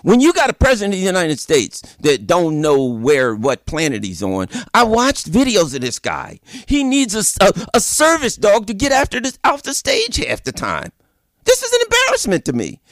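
A man hosting a political commentary show, delivering an animated opinion monologue full of repeated points and rhetorical questions. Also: high voice, moderate pace, dry recording, studio quality.

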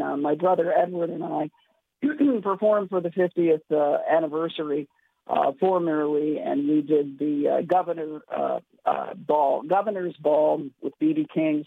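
Hoarse woman guest on a tinny phone line, gravelly, rambling, clears throat. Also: low-pitched, no echo. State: hoarse, losing voice. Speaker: radio guest, gala chair. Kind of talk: radio phone-in interview.

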